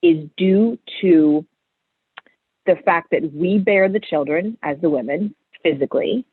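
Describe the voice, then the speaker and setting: A woman's voice: on the low side, a little slow, breathy edge, no room sound. A woman in her thirties, a podcast guest, telling her story candidly and with animation. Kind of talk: casual interview chat. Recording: tinny phone-like line, dry.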